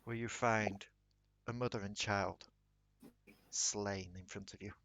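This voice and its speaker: A man narrating a tabletop game as dungeon master, slow and dramatic. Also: fairly low pitch, steady tone, a bit bright.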